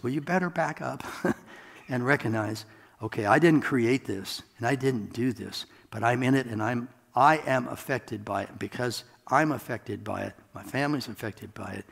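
A man preaching a sermon in a relaxed, conversational way, with self-deprecating asides, in a church sanctuary. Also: medium pitch, gravelly. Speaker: pastor. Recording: long hall reverb.

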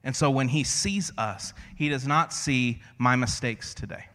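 Guy pastor preaching, chatty storyteller, goes quiet and slow on the big lines, long hall echo. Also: mid-range voice. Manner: conversational, storytelling with self-deprecating asides. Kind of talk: sermon.

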